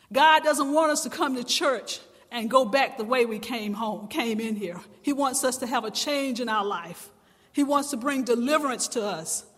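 A woman preaching a sermon in church, impassioned and swelling into loud, emphatic cries. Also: fairly high pitch, big-room sound.

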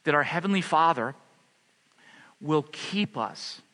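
A man preaching a sermon as pastor, passionate at the peaks and soft and low in prayer. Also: expressive, slow, in a large hall. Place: church hall.

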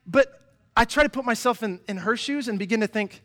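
A young man preaching a sermon in a church, animated and chatty, often restarting his sentences and acting out quoted voices. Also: very high-pitched, a little fast. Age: young adult. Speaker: pastor. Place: church hall.

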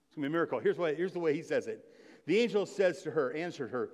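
A man's voice: a little high, animated, rapid-fire, dull audio. A man preaching a Christmas Eve sermon, talking casually and reading scripture aloud with rising emphasis, asking the congregation questions. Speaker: pastor. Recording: long reverb of a large hall.

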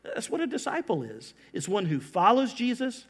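A man preaching a sermon as pastor, slowing down and lifting his voice to stress key phrases. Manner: animated preaching, slows down for emphasis and rises in pitch.

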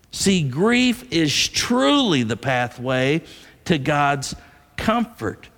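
Slow, gravelly preacher in a reverberant hall. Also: male voice, on the high side, fairly bright tone. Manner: earnest storytelling preacher, repeats phrases. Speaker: pastor. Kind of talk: sermon. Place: church sanctuary. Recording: long reverb of a large hall.

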